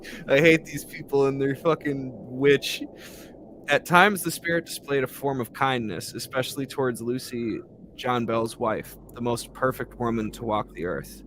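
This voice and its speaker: A man's voice: medium pitch, moderate pace, fairly bright tone, a little hiss or hum. A man hosting a podcast, reading a ghost story aloud and breaking off into profane, laughing asides.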